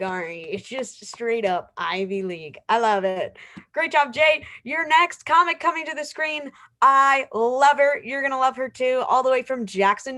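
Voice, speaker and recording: A woman's voice: on the high side, sharp tone. A woman hosting a comedy show, introducing the next comic with enthusiastic patter.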